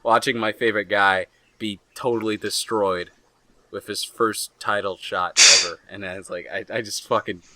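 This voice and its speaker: A young man co-hosting a podcast in casual chat, rambling excitably and swearing a lot. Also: lowish voice, moderate pace, slight background noise. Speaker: podcast co-host.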